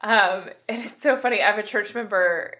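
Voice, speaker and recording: Woman pastor guest, bright tone, teasing, quick with a jab. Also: medium pitch. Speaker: senior pastor, podcast guest. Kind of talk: casual podcast conversation.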